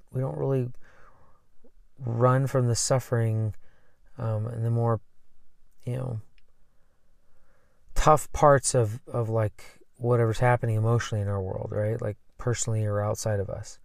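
Earnest rambling man, gravelly voice. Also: medium pitch, a little mellow, dry recording, studio quality. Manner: rambling, earnest, many fillers. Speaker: coach. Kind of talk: casual personal talk.

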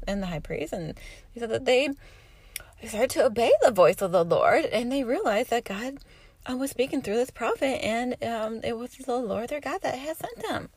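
Animated, gravelly-voiced woman teaching scripture. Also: medium pitch, no room sound. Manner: expressive reading, bursts of loud emphasis. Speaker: Bible teacher. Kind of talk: scripture reading with commentary.

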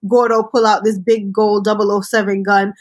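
Husky-voiced woman recapping a show. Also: mid-range voice, normal speed, no echo. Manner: animated, laughing storyteller. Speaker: podcast host. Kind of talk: casual TV recap chat.

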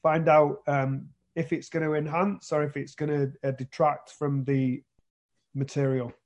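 A man's voice: fairly high pitch, little pitch movement, a little slow, a little mellow. A British man being interviewed about his acting career, talking casually with many restarts and repeated words. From Britain. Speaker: actor guest.

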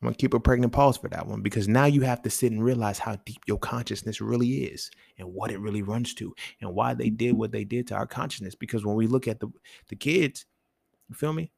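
Gravelly, animated, profane male podcaster. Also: fairly low pitch, fairly quick, dry recording, clean studio sound. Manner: animated, profane, street slang, rhetorical questions. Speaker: podcast host. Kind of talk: casual solo monologue.

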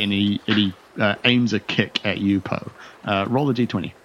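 A man with a fairly low voice narrates as game master of a tabletop role-playing game. He rambles loosely, circling back with fillers and restarts, over faint background noise. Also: steady tone, fairly quick, a bit bright, muffled recording.

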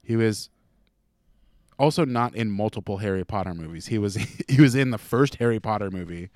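A man's voice: lowish voice, normal speed, darkish tone, no echo, studio quality. A man co-hosting a casual podcast, joking and teasing his co-host. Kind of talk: casual chat.

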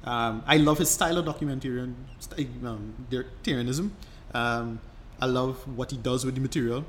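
A man's voice: medium pitch, normal speed, a little hiss or hum. A man co-hosting a podcast, explaining at length in casual chat, rambling and restarting his sentences. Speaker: podcast co-host.

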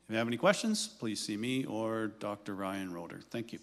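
A man's voice: fairly low pitch, a little fast, a bit bright. Hesitant man announcing in reverberant hall. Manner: hesitant, reads scripture then speaks plainly. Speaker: ministry leader giving an announcement. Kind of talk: church announcement.

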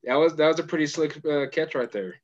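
A man interviewing a football player in a relaxed, halting way with many fillers. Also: a little high. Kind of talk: casual interview. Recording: dull lo-fi sound.

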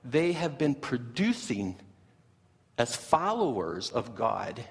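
A man preaching a sermon as pastor, animated and often repeating and restarting his words. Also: mid-range voice, slow, creaky, long reverb tail.

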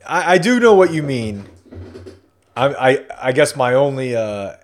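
A man's voice: mid-range voice, sing-song, measured pace. A man co-hosting a podcast in casual chat, wry and joking. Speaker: podcast co-host.

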